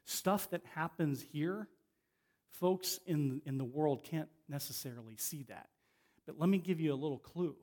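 A middle-aged man gives a sermon as a guest preacher, his voice sitting a little higher than most men's. He talks in a conversational, unpolished way, repeating and restarting words as he goes. He slows right down on the points he wants to land. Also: a little mellow.

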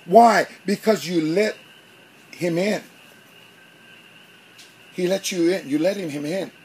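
A pastor preaching a sermon, telling a story with animation and acting out both sides of an argument. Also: male voice, sits high, slow pace, a little mellow, a little hiss or hum.

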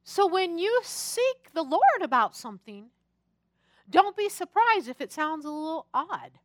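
A woman pastor preaching a sermon, telling personal stories in an animated, chatty and humorous way. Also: very high-pitched, a little slow, no echo, studio quality.

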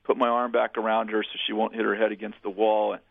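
A man's voice: fairly low pitch, little pitch movement, fast talker, creaky, dry recording. A man speaking as a pastor and interview guest, telling earnest, plainspoken stories with frequent restarts. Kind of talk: storytelling in a radio interview. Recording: tinny phone line.

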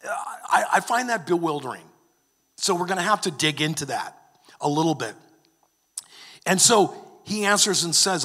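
A man's voice: fairly high pitch, lively intonation, normal speed, bright, forceful tone, slightly rough. A man preaching a sermon, earnest, often restarting and repeating words. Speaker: pastor. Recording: long hall reverb.

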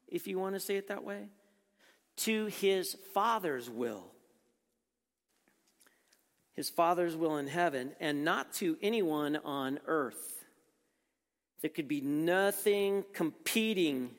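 A man preaching a sermon as pastor, asking rhetorical questions and swinging between emphatic and hushed delivery. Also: high voice. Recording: long reverb from a large hall.

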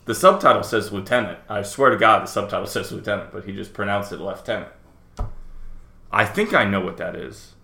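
A man's voice: on the low side, animated, fast talker, creaky, few pauses, bright, forceful tone. A man co-hosting a casual podcast, talking bluntly and sardonically with plenty of swearing. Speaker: podcast co-host. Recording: roomy echo.

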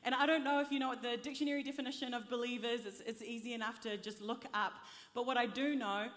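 A woman's voice: on the high side, fairly even intonation, fast talker, fairly bright tone. A woman preacher delivering an impassioned sermon to a congregation in a large church hall, urging them to repeat after her. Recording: long reverb of a large hall.

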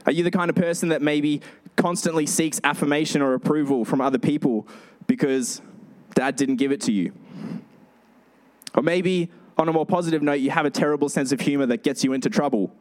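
A male pastor preaching a sermon in a voice pitched a little high. He tells stories in an animated way and acts out the people in them. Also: fairly quick. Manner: storytelling, animated.

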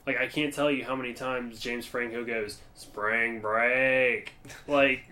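A man's voice: medium pitch, fairly even intonation, moderate pace, pushed and bright. A young man co-hosting a podcast, talking casually and rambling with lots of fillers and frequent laughs. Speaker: podcast co-host. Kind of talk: casual chat.

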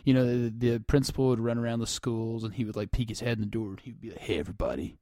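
A man's voice: mid-range voice, level tone, quick pace, mellow, no room sound. Man telling a joking story in dry sound. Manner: storytelling with frequent fillers and laughs; crude, joking delivery. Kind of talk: casual chat.

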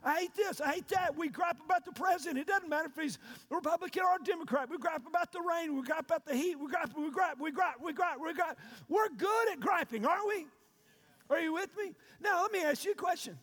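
A man preaching a sermon, shouting and calling out questions to his congregation. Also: extremely high pitch, a little fast. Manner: preaching with loud shouted call-and-response. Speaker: pastor. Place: church sanctuary. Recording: long reverb of a large hall.

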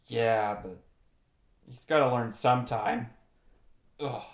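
A man improvising comedy as a bumbling, deadpan handyman host. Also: lowish voice, slow pace, roomy sound.

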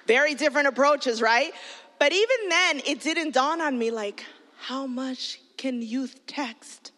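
Bright-voiced woman preaching in a reverberant hall. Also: high-pitched, normal speed. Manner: animated storytelling, bursts into shouted quotes. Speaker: pastor. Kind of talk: sermon to youth.

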